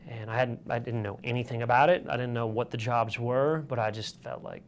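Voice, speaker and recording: Brief: man from Michigan, mid-pitched guest, loose rambling storyteller. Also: steady tone, brisk, hardly any pauses, slight background noise. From Michigan, USA. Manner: rambling, with filler words and restarts. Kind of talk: casual storytelling.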